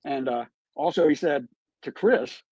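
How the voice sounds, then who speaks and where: A man talks through true crime on a live stream, emphatic and piling on rhetorical questions. His voice sits high and swings widely in pitch, with a slightly husky edge. The sound is dry, with little room echo. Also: expressive, a little slow, mellow. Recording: played back from a live stream.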